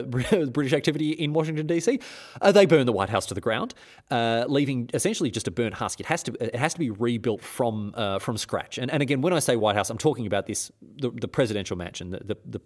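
A man's voice: medium pitch, a little mellow. A man hosts a comedic history podcast in a mid-range voice. He rambles irreverently, often trips over words and starts again, and mocks the people in his stories. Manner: irreverent, rambling, with stumbling restarts. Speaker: host.

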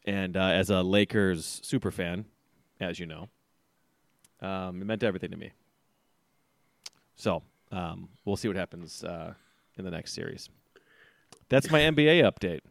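Rambling low-voiced podcast guy. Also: fairly even intonation, a little slow, gravelly, long pauses, no echo. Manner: rambling, teasing, laughs often. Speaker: podcast co-host. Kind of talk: casual sports banter.

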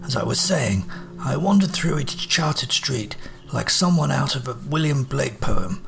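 A man's voice: medium pitch, lively intonation, a little slow, gravelly, music in the background. A man voicing a cool, sardonic detective who speaks in clipped, precise Victorian diction.

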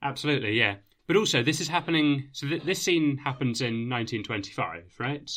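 A man's voice: mid-range voice, a little fast, fairly bright tone. A man co-hosting a podcast, agreeing often and explaining points at length in casual chat. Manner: agreeable, explanatory, many yeahs. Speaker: podcast co-host. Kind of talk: casual chat reviewing a TV episode.

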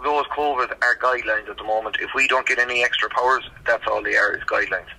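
An Irish man answering questions in a brisk, matter-of-fact way as a police spokesman on a call. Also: medium pitch, fairly even intonation, creaky, sharp tone, rough recording. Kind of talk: phone-in answers.

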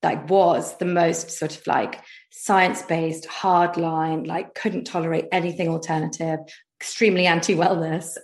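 A woman's voice: low voice, level tone, measured pace, creaky, echoey room. A woman with a posh English accent, a guest telling candid stories in a chatty, self-mocking way with lots of filler words. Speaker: guest, comedy content creator. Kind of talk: candid conversational storytelling.

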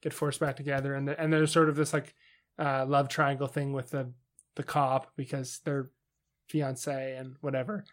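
A man co-hosting a podcast in loose, casual chat. He rants with animated energy and jumps into funny voices when quoting characters. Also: medium pitch, normal speed. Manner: animated ranting, acts out quotes in funny voices. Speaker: podcast co-host.

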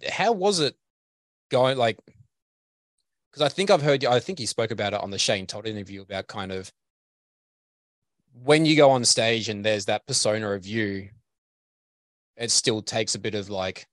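A man's voice: on the low side, a bit bright, no echo, clean studio sound. A man interviewing a musician, chatty and friendly, with rambling questions. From Australia. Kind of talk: casual interview chat.

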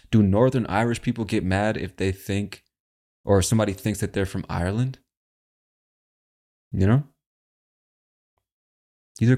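Male podcast host, very low voice, brash, casual, swears. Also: darkish tone. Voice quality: brash, chatty, swears freely.

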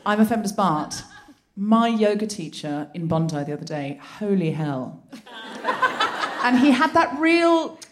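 A woman's voice: mid-range voice, very animated, measured pace. A woman hosting a live comedy podcast on a theatre stage, telling stories in a playful, giggly way. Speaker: podcast host. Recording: live theatre recording with crowd noise.

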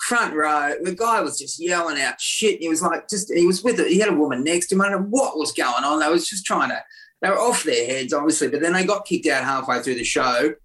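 A man's voice: a little high, expressive, a little fast, fairly bright tone. Laughing male comedian. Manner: laughing, bawdy storytelling. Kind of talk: casual podcast chat.

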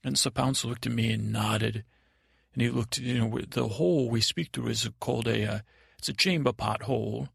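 A man's voice: mid-range voice, moderate pace, vocal fry, a bit bright, husky, dry recording, studio quality, heavily acted. A man playing a timid, dreamy boy prince, stammering and meandering through an improvised bedtime story. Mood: rambling.

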